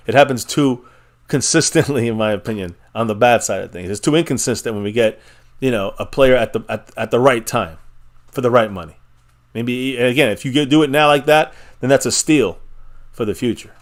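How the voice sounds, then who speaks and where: A man's voice: medium pitch, expressive, brisk. Opinionated man hosting a casual sports stream. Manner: opinionated, rambling with restarts and laughs. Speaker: live stream host. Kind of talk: casual sports fan chat.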